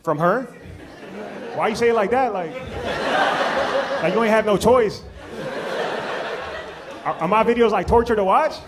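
A male comedian with a fairly high voice works the room at a live show, teasing audience members in a playful roasting way. A loud crowd chatters and laughs all around him. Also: unhurried, pauses often, noisy background. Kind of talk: crowd-work stand-up.

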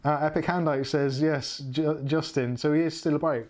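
A man's voice: fairly high pitch, fairly even intonation, moderate pace, darkish tone. A man from England with a West Country accent, hosting a casual livestream chat from home, rambling and correcting himself as he goes. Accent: English West Country. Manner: rambling, self-correcting, chatty. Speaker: livestream host.

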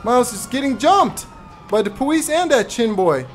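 A man's voice: very high-pitched, expressive, slight background noise. Tyrone, a man voicing a brash trash-talker. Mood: taunting. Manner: swaggering, taunting, quick to yell. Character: brash trash-talking male cartoon guy, hotheaded. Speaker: streamer. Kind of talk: voiced live gameplay stream.

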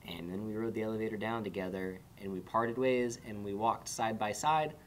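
A woman hosting a panel show, telling a story in casual chat with a dry, deadpan delivery. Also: very deep voice, a little fast, a little hiss or hum. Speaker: host.

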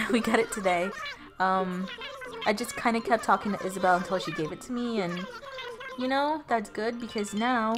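A woman's voice: mid-range voice, moderate pace. A young woman giving casual commentary over her gameplay footage, rambling and giggling as she loses her train of thought, at home. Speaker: let's play gamer. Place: at home with her cat on her lap. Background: game music.

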